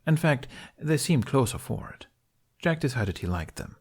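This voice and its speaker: A man reading a fan story aloud, narrating calmly and evenly. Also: medium pitch, normal speed, slightly rough. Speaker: podfic reader.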